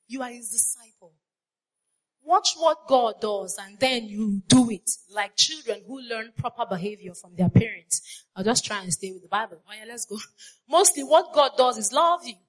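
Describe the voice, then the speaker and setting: A woman's voice: on the high side, lively intonation, normal speed. A woman preaching a sermon, repeating her phrases and putting questions to the congregation. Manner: call-and-response, asks the congregation questions.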